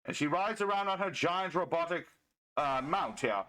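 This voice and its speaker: Pompous mock-knightly man, slightly high voice. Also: animated, moderate pace, sharp tone, low-quality recording. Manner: theatrical archaic phrasing, pompous knightly tone. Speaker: card game player. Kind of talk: card game commentary in a mock-medieval noble persona.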